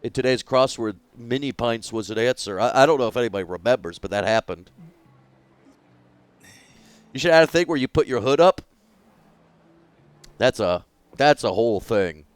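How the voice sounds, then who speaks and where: A man's voice: mid-range voice, lively intonation, normal speed, long pauses, smooth, no echo. A young man streaming a video game, joking crudely and rambling in casual commentary.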